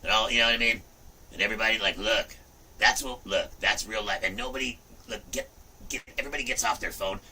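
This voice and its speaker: Rambling man in his fifties, bright voice. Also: fairly low pitch, fast talker, far from the mic, a little hiss or hum, poor audio. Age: 50s. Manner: rambling, animated, repeats "look" and "you know". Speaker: livestream host. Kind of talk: casual rambling livestream chat.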